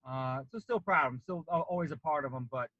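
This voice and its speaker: On a podcast, a fast-talking man with a slightly high voice spins a long, casual story, animatedly performing the voices of the people he quotes. He's in his late thirties, from Colorado, and served as a Marine. The recording is dry and lo-fi.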